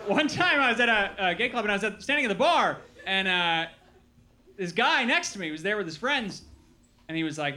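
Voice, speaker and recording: A man from Milwaukee performing a stand-up comedy set, telling stories with animated acted-out quotes. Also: high-pitched, brisk, a little hiss or hum. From Milwaukee, Wisconsin. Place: comedy club with live audience.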